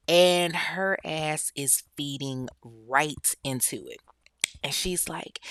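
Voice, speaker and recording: A woman host tells a true-crime story in a loose, blunt way. She swears freely and keeps turning to her listeners. Her voice sits low and the recording is close and dry. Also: unhurried, fairly bright tone, no room sound. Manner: chatty, blunt and profane, with frequent asides to listeners. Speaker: podcast host.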